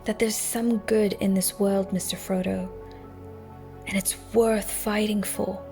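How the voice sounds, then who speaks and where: A woman voicing a loyal, earnest young male hobbit gardener in an amateur English accent, speaking in a hushed, heartfelt way. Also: mid-range voice, level tone, a little slow, soft background music, natural voice. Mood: tender, consoling. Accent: English (put on). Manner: heartfelt, consoling speech.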